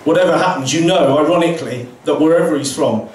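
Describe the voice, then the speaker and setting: A man doing a deadpan stand-up comedy set with crude punchlines at a pub comedy night. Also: a little high, fast talker. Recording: roomy, distant pub recording with background noise.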